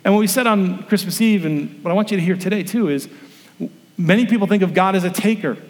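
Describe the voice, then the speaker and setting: Pastor preaching in a reverberant hall. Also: male voice, high-pitched, fast. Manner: storytelling, acts out quoted voices. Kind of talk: sermon. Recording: long reverb of a large room.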